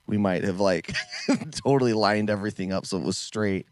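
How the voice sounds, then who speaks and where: A man's voice: lowish voice, normal speed, a little mellow. A middle-aged man, a podcast co-host, telling a childhood story in casual chat and acting out the voices he quotes. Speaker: podcast co-host, martial arts instructor.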